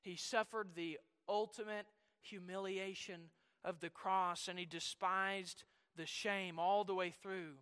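A man preaching with a high, very bright, ringing voice that carries. He climbs into loud, shouted runs, then drops low and quiet as he reads old-fashioned scripture. The sound has a long reverb, like a big sanctuary. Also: fairly even intonation, takes it slowly, few pauses, clean tone. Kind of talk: sermon.

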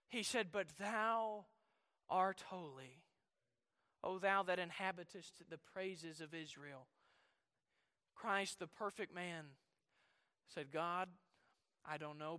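A man preaching a sermon, moving between loud shouted passages and quiet, low-voiced reflection, and reading scripture in old-fashioned Bible phrasing. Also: clear, resonant tone, big-room sound.

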